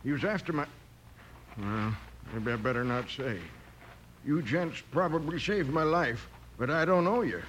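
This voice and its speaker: An actor playing an old gold prospector in a radio western, talking in a folksy drawl. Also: male voice, fairly high pitch, animated, measured pace, fairly bright tone, slight background noise. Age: older. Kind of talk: 1950s radio drama acting.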